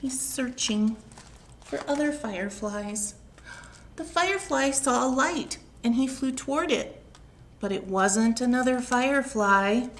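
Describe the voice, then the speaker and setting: Slow, gentle woman reading a picture book. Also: a little high. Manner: gentle, slow and expressive, asking the listeners questions. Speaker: children's librarian reading aloud. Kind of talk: picture book read-aloud for young children. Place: at home.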